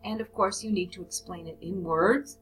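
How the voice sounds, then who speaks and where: A woman's voice: fairly low pitch, moderate pace, fairly bright tone, faint music behind, low-quality recording. A woman teaching a recorded business English lesson, reading example phrases aloud and then explaining them. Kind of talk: recorded lesson on report writing.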